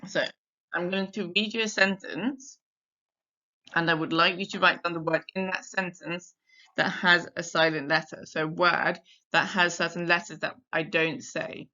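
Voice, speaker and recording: A woman French teacher giving a recorded lesson, reading sentences slowly and twice for dictation and explaining silent letters. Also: on the low side, steady tone, pushed and bright, lo-fi sound. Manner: slow, carefully spaced dictation in French.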